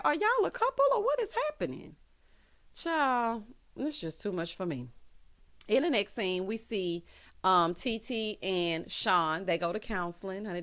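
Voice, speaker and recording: Sassy woman recapping reality TV. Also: mid-range voice. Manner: sassy, animated, with frequent exclamations. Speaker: TV recap vlogger. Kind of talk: casual reality TV recap commentary.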